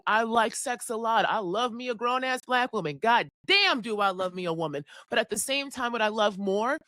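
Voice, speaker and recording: With no echo on the recording, a woman in her forties uses a mid-range, fairly bright voice to deliver an astrology forecast. It's a fiery, profane, sermon-like monologue, and she sounds on the verge of tears at times.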